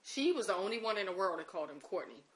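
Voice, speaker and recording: A woman's voice: medium pitch, very animated, quick pace. A woman recounting an emotional personal story in an interview, acting out the conversations she quotes. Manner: emotional recollection.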